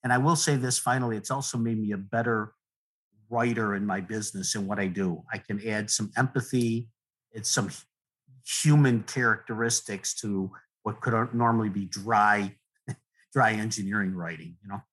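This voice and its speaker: Husky middle-aged man, rambling and earnest. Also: fairly low pitch, moderate pace, rough recording. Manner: rambling, earnest, frequent restarts and soft laughs. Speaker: guest poet. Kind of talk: relaxed conversational interview.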